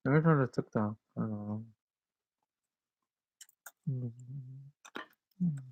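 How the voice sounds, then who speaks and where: A man's voice: mid-range voice, slow pace, narrow, tinny audio, a little hiss or hum. A man chatting casually on a live stream, rambling from one joke and bit of wordplay to the next.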